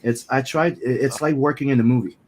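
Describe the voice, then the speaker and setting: A man, a comic creator hosting a livestream, explaining his process in an excited, repetitive way. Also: medium pitch, fast. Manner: excited, repetitive, story-telling. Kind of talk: casual livestream chat.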